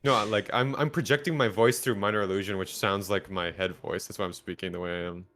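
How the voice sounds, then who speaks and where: Male player, low-voiced, wry and sarcastic banter. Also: steady tone, fast talker, fairly bright tone. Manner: joking, sarcastic. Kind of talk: casual chat.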